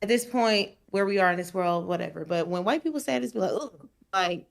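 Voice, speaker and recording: A woman's voice: mid-range voice, lively intonation, fast talker, creaky. A woman on a discussion panel, chatty and full of "like" fillers. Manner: chatty, filler-heavy, uses "like" often.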